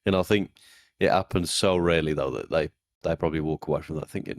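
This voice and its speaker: A man co-hosts a podcast in a bass voice, talking fast and laid-back with casual swearing. It's a relaxed chat with no room sound.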